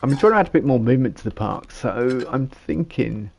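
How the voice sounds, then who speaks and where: A man's voice: medium pitch, animated, brisk, gravelly, a little mellow. A man, giving casual gameplay commentary and rambling as he thinks aloud while building. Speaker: gamer.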